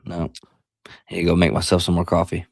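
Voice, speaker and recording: A man's voice: low voice, monotone, fairly quick, creaky, darkish tone, dry recording, studio quality. A man co-hosting a casual sports podcast, laid-back and answering with short, wry reactions. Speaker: podcast co-host. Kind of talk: casual sports talk chat.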